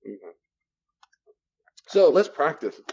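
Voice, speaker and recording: A man teaching a class on boundaries, lecturing and acting out both sides of short dialogues in an animated way. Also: on the high side, slow pace, breathy edge, highs cut off. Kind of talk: classroom lecture with role-play examples.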